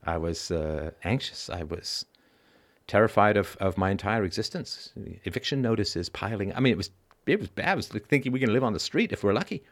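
Animated and a little fast, the fairly low-voiced middle-aged man runs a call-in show in a conversational monologue. He's blunt and emphatic, curses liberally, and ends points with "right?"

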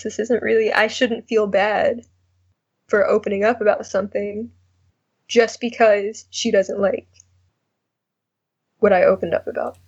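A woman's voice: medium pitch, husky, dull audio. A young woman calling in to a talk show, speaking hesitantly with many fillers. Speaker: caller. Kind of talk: call-in conversation.

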